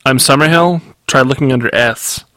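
A man's voice: medium pitch, normal speed, pushed and bright, dry recording, voice pushed up, close to an everyday voice. A man reading aloud and voicing a nervous, rambling talking male dog in a storybook. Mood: puzzled. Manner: hesitant and rambling.

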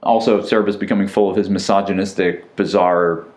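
A middle-aged man co-hosting a podcast in casual chat, relaxed and rambling, with many fillers and restarts. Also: low-pitched, brisk, slight background noise. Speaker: podcast co-host.

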